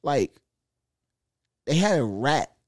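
A man's voice: medium pitch, slow pace, no room sound. Argumentative man in dry casual podcast chat. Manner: animated, argumentative, acts out quoted speech. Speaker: podcast co-host.

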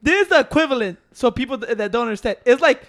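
Man, very high voice, slang, teasing and laughing, casual podcast banter. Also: expressive, fast talker, creaky, fairly bright tone. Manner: teasing, laughing, swearing storyteller. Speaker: podcast co-host. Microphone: podcast microphone.

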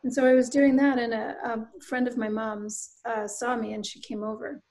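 A woman in her thirties from the Canadian Maritimes, with a fairly high voice, speaks in an interview. She is earnest and reflective and tells her own story at length, slipping into the voices of people she quotes. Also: flat delivery, normal speed, darkish tone, low-quality recording. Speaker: guest, bereaved mother and author.

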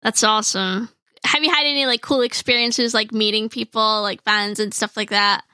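Upbeat female interviewer, bright higher-pitched voice, dry recording. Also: fairly even intonation, no echo. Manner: upbeat, quick reactions, uses "like" a lot. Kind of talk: casual interview chat.

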